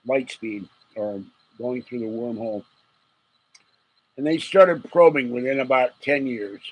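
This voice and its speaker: A man's voice: medium pitch, measured pace, breathy edge, rough recording. A man hosting a late-night livestream, rambling and joking with viewers, chuckling often and getting sleepy. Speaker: livestream host.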